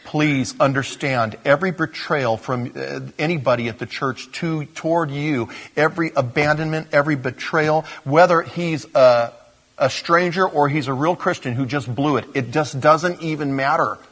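A man's voice: fairly high pitch, normal speed, fairly bright tone. A man preaching a sermon in a conversational, self-deprecating way, talking to his congregation like friends. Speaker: pastor.

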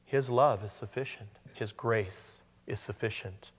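A man's voice: fairly low pitch, unhurried, husky, in a large hall. A man preaching a sermon as pastor, in a conversational manner with joking asides.

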